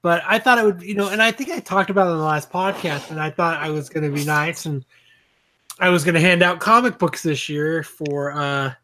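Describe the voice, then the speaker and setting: A man's voice: fairly high pitch, brisk, pushed and bright. A man co-hosting a podcast, telling a story in casual, profanity-laced chat. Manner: swears freely while telling stories. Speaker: podcast co-host.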